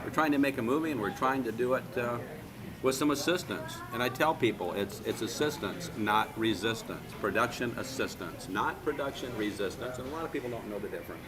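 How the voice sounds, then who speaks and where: A filmmaker talking emphatically to the camera, exasperated and insistent. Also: male voice, medium pitch, animated, brisk. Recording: crowd noise behind. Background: crowd chatter.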